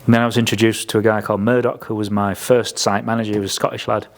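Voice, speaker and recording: A man's voice: lowish voice, flat delivery, racing. A man telling blunt, sweary stories in a casual podcast chat. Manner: blunt, sweary storyteller who acts out quotes. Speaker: podcast speaker.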